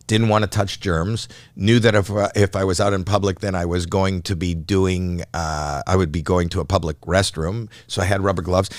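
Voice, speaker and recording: Low-voiced man telling stage stories. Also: dry recording, clean studio sound. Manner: animated, acts out his old stage panic in a raised voice; profane, repeats and restarts mid-sentence. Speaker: interview guest, comedian. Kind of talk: candid storytelling in a podcast interview.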